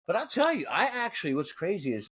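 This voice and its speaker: A man's voice: high voice, fast, breathy edge. A man in his forties co-hosting a podcast, telling crude stories with lots of laughter and swearing. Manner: animated, laughing, profane storytelling. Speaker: podcast co-host. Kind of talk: casual podcast chat.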